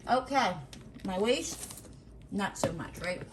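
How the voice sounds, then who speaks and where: A woman's voice: medium pitch, expressive, takes it slowly, very noisy. A middle-aged woman chatting casually at home as she opens mail for her craft vlog, teasing and exclaiming often. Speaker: craft vlogger. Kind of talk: casual chat while opening mail.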